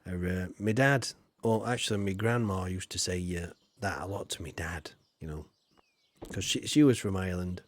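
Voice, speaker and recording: A man's voice: sits low, moderate pace. A man with a Yorkshire accent chatting casually to his live-stream viewers, rambling and swearing mildly with lots of "you know". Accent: Yorkshire English. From Yorkshire, England. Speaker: game streamer.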